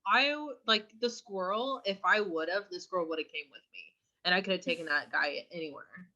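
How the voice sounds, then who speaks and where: A woman's voice: lowish voice, normal speed, bright, forceful tone. A young adult woman co-hosting a podcast, telling a rambling anecdote full of fillers in casual chat. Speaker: podcast co-host. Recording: slightly dull lo-fi mic.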